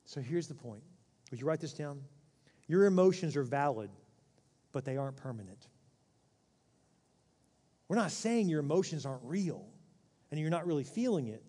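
A man's voice: a little high, very animated, moderate pace, pauses often, dark tone. A middle-aged man preaching a sermon as a pastor, in a conversational way that acts out quoted voices. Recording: long hall reverb.

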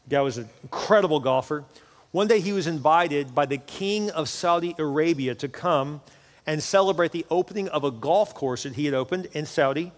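A man's voice: fairly high pitch, fairly quick. A male pastor preaching fervently to his congregation, often repeating words for emphasis. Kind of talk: sermon. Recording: long hall reverb.

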